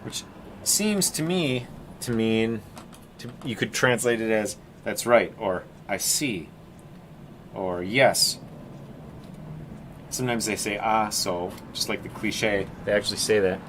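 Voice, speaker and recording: A man's voice: on the low side, slow, long pauses, fairly bright tone, slight background noise. Rambling jokey man painting on a live stream. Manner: rambling, jokey, talks to viewers as "team". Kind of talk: casual live-stream chat while painting.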